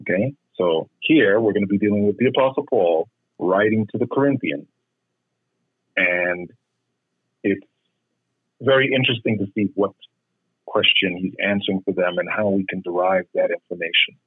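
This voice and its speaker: A man leading a Bible study, explaining and correcting in a measured, patient way. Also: deep voice, husky, no echo. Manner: measured, explanatory, repeats words when correcting. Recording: muffled phone-line sound.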